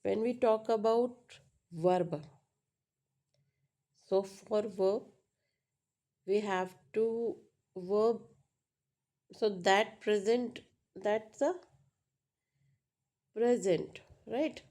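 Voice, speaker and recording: Her voice is medium-pitched and warm, with drawn-out words and long pauses, as she teaches pronunciation. The English teacher repeats points patiently, peppering the slow, classroom-style explanation with "right?" and "uh."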